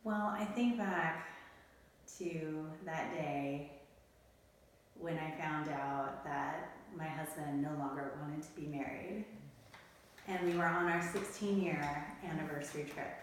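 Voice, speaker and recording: A woman's voice: low voice, steady tone, slow, slight background noise. A middle-aged woman telling a personal story as an interview guest, in a candid, emotional, tumbling way. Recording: echoey room, mic at a distance.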